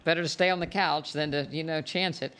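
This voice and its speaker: A man, a doctor hosting an interview, talking in a halting way with many restarts. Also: a little high, steady tone, pushed and bright. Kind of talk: casual interview chat.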